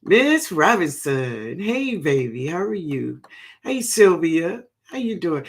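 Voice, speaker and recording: A woman's voice: lowish voice, very animated, a little slow. A woman hosting a gardening livestream, chatting casually and affectionately, calling viewers baby and honey.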